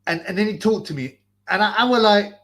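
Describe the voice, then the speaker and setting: A man's voice: sits high, lively intonation, brisk, fairly bright tone. A man hosting a livestream, wearing a mask in a hot basement, ranting crudely and mocking people between laughs. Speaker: livestream host. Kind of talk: profane ranting livestream commentary.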